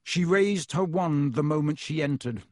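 A man reading a storybook aloud in a measured, expressive way. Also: fairly high pitch, no echo, clean studio sound. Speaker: audiobook narrator.

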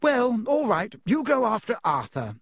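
A man's voice: very high-pitched, huge pitch swings, unhurried, vocal fry, fairly bright tone, husky, no room sound, pitched above the performer's own voice, heavily acted. A man voicing a fussing, kindly middle-aged witch mother who frets over the children in an anxious, motherly way.

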